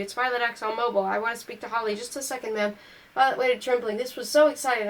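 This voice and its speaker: Female amateur audiobook reader, fairly high pitch, self-corrects. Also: steady tone, fast talker, poor audio. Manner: reads on through slips and self-corrections. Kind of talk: amateur novel reading.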